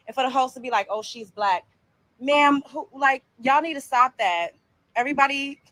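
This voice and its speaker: New woman ranting on her commentary show, cusses a lot, bright sharp voice, echoey room. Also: a little high. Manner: blunt, profane, fired-up rhetorical questions. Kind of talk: reaction commentary.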